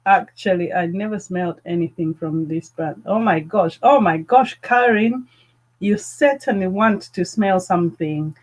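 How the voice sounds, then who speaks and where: A woman hosting a live fragrance chat, gushing with excitement and greeting viewers by name. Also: on the low side, measured pace, rough recording. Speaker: fragrance channel host.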